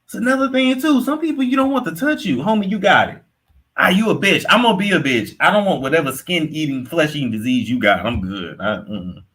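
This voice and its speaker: Animated bright-voiced gossip host, man. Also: fairly high pitch, fairly quick. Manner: animated, swearing, reacting to chat, slips into put-on accents. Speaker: commentary host. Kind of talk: casual gossip commentary.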